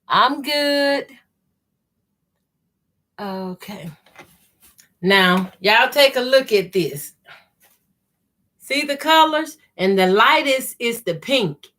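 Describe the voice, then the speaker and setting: Brief: middle-aged Southern woman, unhurried, slightly high-pitched, folksy live-stream host chatting while she sews. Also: a bit bright. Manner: chatty, folksy, greets viewers by name. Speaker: sewing channel host. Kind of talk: casual live-stream chat while sewing.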